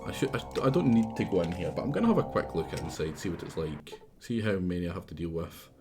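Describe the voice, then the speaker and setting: Over background music, a low-voiced Scotsman talks at a quick, animated pace while streaming a game. He rambles loosely, curses freely and keeps arguing with the game itself.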